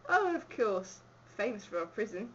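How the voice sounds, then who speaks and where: A woman's voice: medium pitch, sing-song, normal speed, a little hiss or hum, natural voice. A woman reading a flustered, fawning male town mayor in a put-on Cockney accent, on a dull lo-fi home video.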